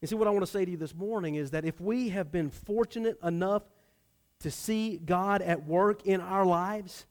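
This fairly high-voiced pastor addresses his congregation in a Sunday sermon at normal speed. He stays animated, booming some lines and sinking others into a quiet, low murmur.

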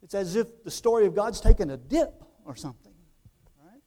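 Guy preaching w a pretty high voice, chatty, keeps asking the congregation "right?", goes soft and slow then loud. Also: expressive. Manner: conversational, asks the congregation rhetorical questions; swings between quiet, drawn-out phrases and loud emphasis. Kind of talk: sermon.

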